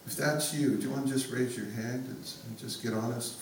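A man preaching a sermon, leading the congregation in a calm, inviting way. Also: medium pitch, fairly quick. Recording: echoey room, mic far off, room noise.

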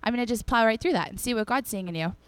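A young woman preacher races through a casual, chatty sermon in a high voice, with no echo present. Lively and animated, she acts out the people in the stories she tells her congregation.

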